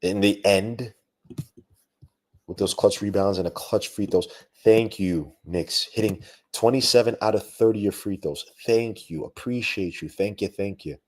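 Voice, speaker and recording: A young man hosts a live post-game basketball podcast, ranting in an animated, slangy way full of asides. His voice is fairly low and unhurried.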